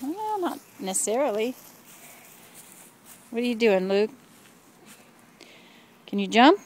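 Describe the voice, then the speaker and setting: A woman's voice: on the high side, sing-song, slow pace, darkish tone. An older woman, a grandmother, playfully encouraging children and laughing often, recorded outdoors on a home video camera.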